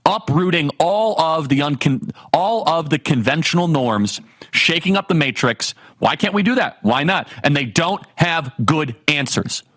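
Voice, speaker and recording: Male political talk host, emphatic, fairly high voice, dry close sound. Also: measured pace, no room sound. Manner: emphatic, rhetorical questions, animated. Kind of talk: fiery political commentary monologue.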